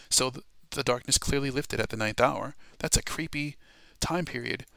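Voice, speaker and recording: A man teaching a Bible study class in a sermon style, emphatic and dramatic, slowing down to stress key words. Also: medium pitch, lively intonation, vocal fry, fairly bright tone, no room sound.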